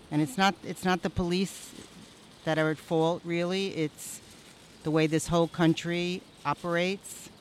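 A woman's voice: fairly low pitch, a little hiss or hum. A woman interviewed on a city street while out for a walk, speaking earnestly and bluntly. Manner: earnest, outspoken, opinionated.

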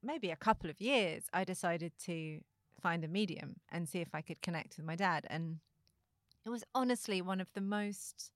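A woman's voice: on the low side, normal speed, no echo, studio quality. A young adult woman hosting a conversation, earnestly telling a personal story and laughing often. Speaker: podcast host.

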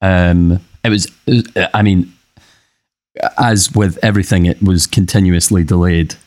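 A young man talks casually as a podcast guest, drifting through stories with lots of ums and restarts. His voice sits very low. The sound is close and dry. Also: steady tone, measured pace, darkish tone, no room sound. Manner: rambling, hesitant, with many fillers. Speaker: musician guest. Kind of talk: casual chat.

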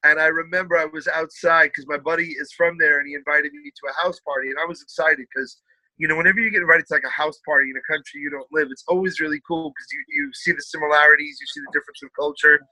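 Man, bright and cutting tone, dry close mic, lively storyteller for a casual podcast. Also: a little high, fast talker, no echo, rough recording. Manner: animated storyteller, puts on voices. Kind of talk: casual chat.

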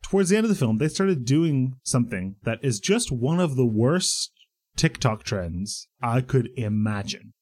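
A man's voice: medium pitch, lively intonation, a little slow, darkish tone. Easygoing man telling stories. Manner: easygoing anecdotal storytelling, laughs often. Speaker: podcast co-host. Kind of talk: casual chat.

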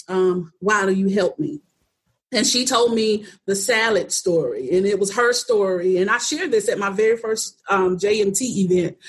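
A middle-aged woman shares her own story as a guest, speaking earnestly and straightforwardly in a soft, breathy voice. She talks plainly and laughs easily along the way. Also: mid-range voice. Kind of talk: personal storytelling in conversation.

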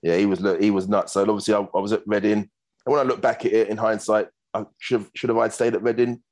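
A man, a former footballer, telling animated stories in a casual interview. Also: lowish voice. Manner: fast, animated anecdotes with acted quotes.

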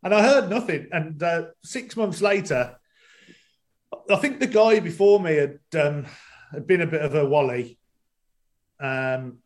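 A man's voice: fairly high pitch, animated, a little slow, pauses often. A man guesting on a talk show, speaking hesitantly with lots of ums, over a video call. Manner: hesitant, many ums and restarts. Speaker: guest, stadium announcer. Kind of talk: casual podcast chat.

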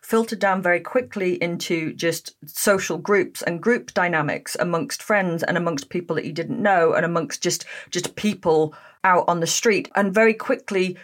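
A woman with a slightly low voice hosts an interview. She muses aloud in a relaxed, conversational way before she puts open questions to her guest. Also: moderate pace, few pauses.

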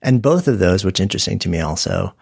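Husky low-voiced man, casual interviewer. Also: animated, fast talker, a little mellow, dry recording, studio quality. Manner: casual, filler-heavy with repeated "like".

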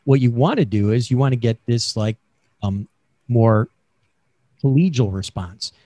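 A man's voice: medium pitch, measured pace, dark tone, dry recording. A man being interviewed about selling, talking in a chatty coaching way with many fillers over a remote call mic. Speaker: sales expert guest.

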